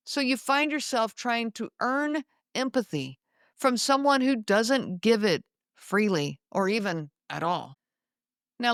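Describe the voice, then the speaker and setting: A woman hosting a podcast, talking in a measured, explanatory monologue and slowing down to stress key words. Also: a little high, a bit bright, dry recording, studio quality. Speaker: podcast host.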